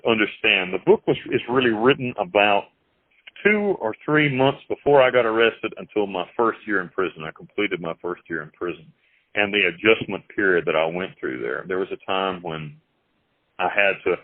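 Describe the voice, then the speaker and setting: A blunt, rambling man tells his story to an interviewer, his voice sitting on the low side. He speaks from a jail phone, so the sound is thin and tinny. He talks in a loose, casual way and says things straight out. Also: animated, moderate pace, dry recording. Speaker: interview guest, author. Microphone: phone call from jail.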